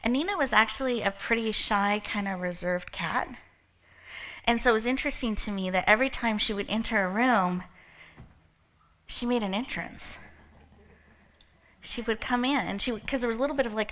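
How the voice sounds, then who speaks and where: A woman's voice: a little high, moderate pace, pauses often, a bit bright, a little hiss or hum. A woman giving a playful, inspirational opening talk to a live audience, telling stories and laughing often. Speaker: motivational speaker opening an event.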